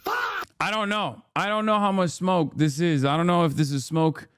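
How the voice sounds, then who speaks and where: A man's voice: high-pitched, very animated, normal speed, fairly bright tone, smooth, no echo, studio quality. A man hosting a live stream who reacts to news clips with sarcastic, profane ranting. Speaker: livestream commentator.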